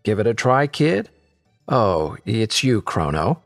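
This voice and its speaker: A man's voice: on the low side, very animated, slow, in a large hall, soft background music, full character voice. A man voicing a jovial middle-aged fair showman who talks in a theatrical, joking way. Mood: showy.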